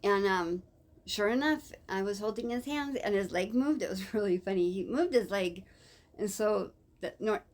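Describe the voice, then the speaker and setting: A woman's voice: medium pitch, lively intonation, moderate pace. A woman telling a personal story in a casual, rambling way, with many fillers and self-corrections. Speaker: vlogger.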